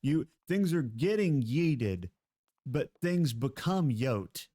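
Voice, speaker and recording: A man's voice: mid-range voice, sing-song, slow pace, dark tone. A man live streaming, chatting casually with his viewers in a playful, giggly way and laughing often.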